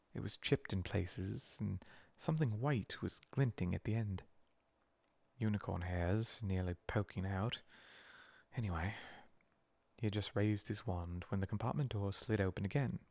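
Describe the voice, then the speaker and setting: A man reading a storybook aloud as a whispered role-play, slow and soothing. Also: lowish voice, creaky, darkish tone, dry recording. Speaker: narrator.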